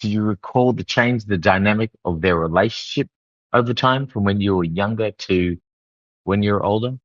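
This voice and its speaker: A man's voice: fairly low pitch, normal speed, dry recording. A man hosting a conversational interview, asking curious follow-up questions. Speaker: podcast host. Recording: slightly dull, dry sound.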